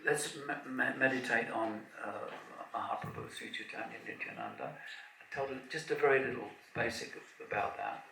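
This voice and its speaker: A man giving an informal, rambling devotional talk at a festival opening, with anecdotes and halting restarts. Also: mid-range voice, big pitch swings, gravelly. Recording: roomy, distant mic, background noise.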